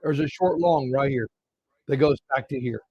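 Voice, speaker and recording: A man's voice: mid-range voice, normal speed, a little mellow, highs cut off. Casual man talking through trading charts. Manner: casual, talks to viewers as "guys", walks through chart levels. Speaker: trading show host. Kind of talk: live market commentary.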